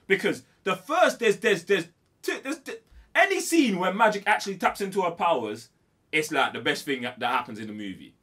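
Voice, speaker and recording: A young man, co-hosting a casual movie review chat, animated and slangy, repeating himself for emphasis. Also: sits high, fairly quick. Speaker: podcast co-host.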